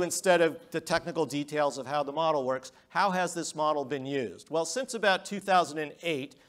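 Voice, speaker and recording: A middle-aged man giving a public lecture, emphatic, with rhetorical questions and swings between loud and quiet. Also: a little high. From United States.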